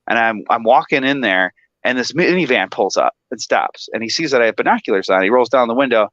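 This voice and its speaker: An energetic, excitable man from Michigan, a guest telling stories in casual chat and acting out the voices of people in them. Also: medium pitch, a little fast, dry recording, highs cut off.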